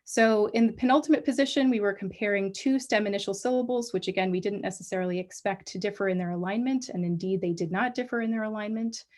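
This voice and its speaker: A woman's voice: medium pitch, fast, hardly any pauses, darkish tone. A woman giving an academic colloquium talk, explaining step by step with frequent ums and restarts. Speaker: guest lecturer. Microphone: livestream talk mic.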